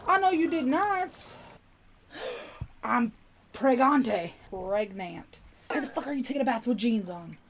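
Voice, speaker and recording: A young woman streaming a life-sim game, joking loudly and swearing as she narrates her character's schemes. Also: a little high, sing-song, measured pace, long pauses, slight background noise. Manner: loud, profane, jokey, voicing her character's lines. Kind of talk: casual gameplay commentary. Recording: game music playing loudly behind.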